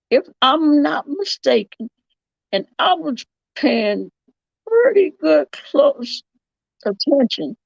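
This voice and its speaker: A woman with a drawl and a slightly high, gravelly, fry-heavy voice talks slowly through a casual livestream, commenting in live chat. She rambles, draws things out, and backtracks to correct herself. The audio is dry, slightly dull, and lo-fi, with no echo.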